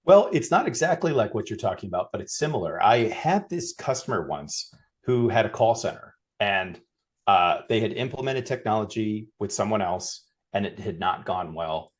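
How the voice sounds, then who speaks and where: A middle-aged man, a podcast guest, telling a workplace anecdote in a lively way and acting out the lines of the people in it. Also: fairly low pitch, moderate pace. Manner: animated anecdote, acts out quoted dialogue. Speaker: guest, customer experience consultant. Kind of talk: storytelling in a podcast interview.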